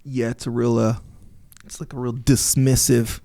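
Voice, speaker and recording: A man's voice: mid-range voice, little pitch movement, moderate pace, dark tone. A man co-hosting a podcast in casual chat, agreeable and hesitant, with lots of fillers. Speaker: podcast co-host.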